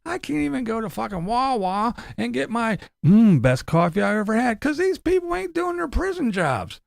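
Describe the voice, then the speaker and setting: Man doing a mocking impression, whiny older van dweller, high and swooping, gravelly, cursing, dry close sound. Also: big pitch swings, normal speed, dry recording, heavily acted. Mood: whining. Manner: mocking, complaining, profane.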